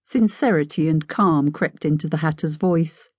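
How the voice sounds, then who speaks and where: A woman narrating an audiobook in a wry, measured storytelling manner. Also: low-pitched, darkish tone, slightly rough, no echo, studio quality. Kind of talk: scripted narration.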